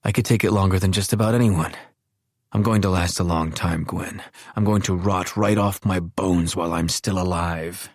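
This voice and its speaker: A man's voice: low-pitched, steady tone, normal speed, no echo, studio quality. A man reading as a frail, sly dying old man. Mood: weak, ashamed.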